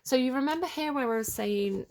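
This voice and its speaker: A woman with a high-pitched, slightly mellow voice speaks fairly quickly while giving an unscripted tarot reading. She rambles chattily and tentatively, thinking aloud and filling her talk with "like" and "kinda."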